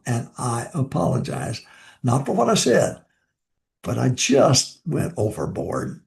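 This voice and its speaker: A man's voice: mid-range voice, creaky, darkish tone. Older man pastor, plain preaching voice, repeats himself for emphasis, echoey room. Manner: repeats key lines for emphasis. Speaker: pastor giving ministry advice. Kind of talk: informal preaching talk.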